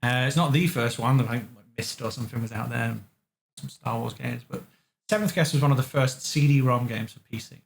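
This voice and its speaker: A man from England who designs games, telling lively studio stories as an interview guest and acting out the voices of the people he quotes. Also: medium pitch, brisk, gravelly, slight background noise. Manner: animated storyteller, acts out quotes. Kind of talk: casual interview chat. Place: living room.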